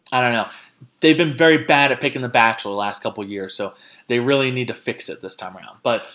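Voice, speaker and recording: A man hosting a casual podcast, talking at a middle pitch for a man. He retells scenes in an animated, chatty way, slipping into quoted voices. His delivery is loose and conversational. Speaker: podcast host. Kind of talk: casual chat recapping a reality show.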